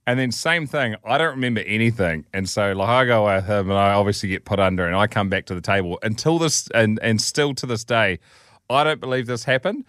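A man co-hosting a podcast, telling stories casually, swearing freely and acting out quotes in loud, high voices. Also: a little fast, no room sound, clean studio sound. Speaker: podcast co-host. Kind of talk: casual storytelling chat.

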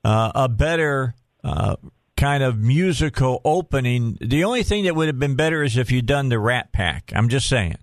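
A man's voice: mid-range voice, animated, normal speed, no echo. A man hosting a radio talk show, joking and chatty in a casual tone. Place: radio studio. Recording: dry studio mic, faint music bed.

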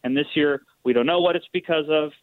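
A nasal-voiced man calls into a sports talk show over a thin, phone-like line. He weighs his points aloud at a measured pace, his voice sitting a little high. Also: no echo. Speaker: guest podcaster calling in. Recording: tinny phone-line audio.

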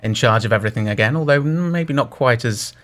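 A man's voice: medium pitch, expressive, fairly quick, fairly bright tone. A male stage actor describing his roles, cheerful and a touch theatrical. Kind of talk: interview chat.

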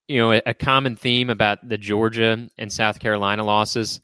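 A man's voice: lowish voice, flat delivery, moderate pace, sharp tone, clear, resonant tone, no room sound. A man hosting a casual sports podcast, talking things over with fillers and putting questions to his co-hosts. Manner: conversational, many fillers and restarts, poses questions to co-hosts. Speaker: podcast host.

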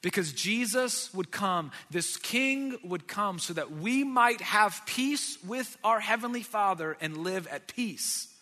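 A man preaching a sermon, swinging between loud declarations and near-whispers. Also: sits high, expressive, slow, hardly any pauses. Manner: dynamic, shifts from loud to whispered. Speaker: pastor. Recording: long hall reverb.

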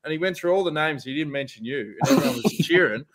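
A man's voice: a little high, lively intonation, fast, a loud crowd. A man with a slightly raised voice tells stories at full energy. He swears freely and laughs through his own tales in casual podcast chat. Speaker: podcast host.

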